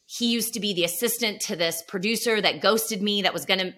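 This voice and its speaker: A middle-aged woman, a guest actor, telling stories in a casual podcast chat and acting out quotes with energy. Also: medium pitch. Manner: animated storyteller, quick to act out quotes.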